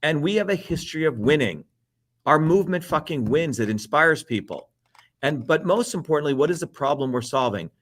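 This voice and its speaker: A man's voice: on the high side, animated, a little fast, fairly bright tone. A man, a political candidate, ranting emphatically in a heated, profane interview, chanting slogans again and again.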